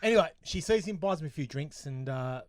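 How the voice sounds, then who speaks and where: A man's voice: fairly high pitch, expressive, a little fast, no echo, studio quality. An Australian man co-hosting a gaming podcast, playful and laughing easily in casual chat. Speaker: podcast co-host. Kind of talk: casual chat, joke telling.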